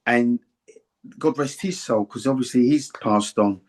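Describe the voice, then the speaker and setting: An older man, a former boxer, telling rambling, warm-hearted anecdotes in an interview and often repeating himself. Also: mid-range voice, a little slow. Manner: rambling, anecdotal, repeats words and "do you see what I mean". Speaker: former boxer and boxing pundit. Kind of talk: reminiscing interview chat.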